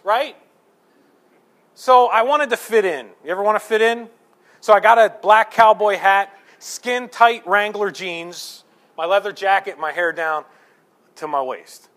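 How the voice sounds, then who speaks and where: A middle-aged male pastor preaching a sermon, animated, telling stories and asking the congregation rhetorical questions. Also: sits high, fairly quick. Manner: animated storytelling with acted-out quotes and rhetorical questions.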